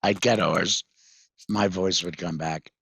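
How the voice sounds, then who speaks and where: A man, a guest in conversation, recounting a personal story in a halting way with many fillers and restarts. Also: sits low, steady tone, creaky, fairly bright tone, slightly rough, dry recording. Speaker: guest, patient mentor.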